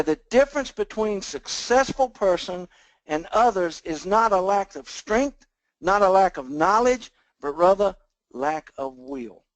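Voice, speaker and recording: High-voiced man giving a motivational pep talk. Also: dry recording, rough recording. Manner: preachy, repetitive, folksy motivational delivery. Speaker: team leader on a sales call. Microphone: phone or conference call line.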